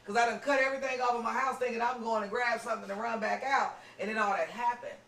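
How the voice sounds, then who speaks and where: A woman podcast host telling a story in casual chat, animated and acting out what people said. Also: on the high side, fast, gravelly. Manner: animated, acts out quoted lines, lots of "you know what I'm saying". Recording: roomy room, distant mic.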